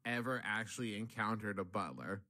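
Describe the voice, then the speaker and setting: A man co-hosting a comedy podcast, asking questions in a mock-serious, deadpan way. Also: fairly low pitch, brisk. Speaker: podcast co-host.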